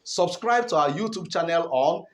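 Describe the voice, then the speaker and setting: A man giving an online English lesson in a high, very animated voice. He hammers on key words, repeats points and checks in with his learners as he explains. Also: moderate pace. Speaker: English teacher.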